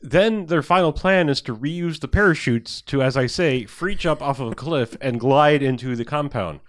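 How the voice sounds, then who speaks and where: A man's voice: medium pitch, normal speed, no echo. Rambling man on a dry podcast mic. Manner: rambling, acts out villain lines. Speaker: podcast co-host. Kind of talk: casual movie review chat.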